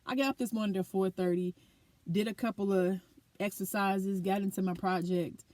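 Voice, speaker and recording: A woman vlogger, an adult with a school-age daughter, speaks earnestly and animatedly to her camera, reflecting on her life. Her mid-range, darkish voice has fairly even intonation and a moderate pace, with no echo.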